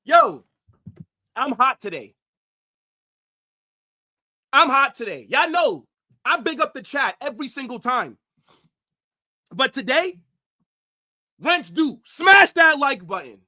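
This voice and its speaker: A man ranting angrily on a football livestream, profane, swinging from shouts to low mutters. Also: very animated, slow, pauses often. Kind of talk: livestream rant.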